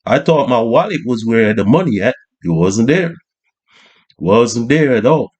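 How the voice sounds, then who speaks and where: A man's voice: mid-range voice, sing-song, a little slow, darkish tone. A man voicing an older male street hustler who rambles and boasts in heavy slang. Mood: lamenting.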